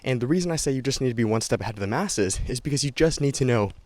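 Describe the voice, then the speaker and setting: Holding a camera at arm's length beside a stream in a wooded valley, a young man vlogs with lots of energy, chatting, repeating himself, and panting a little. His mid-range voice races along, with no room sound in the recording.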